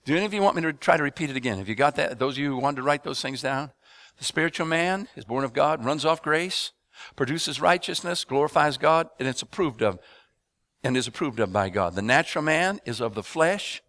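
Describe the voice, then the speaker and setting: A man preaching a sermon to a congregation, asking them to respond and building up rhythmic repeated phrases into loud emphatic bursts. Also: fairly high pitch, expressive, brisk, no room sound. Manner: addresses congregation with call-and-response questions.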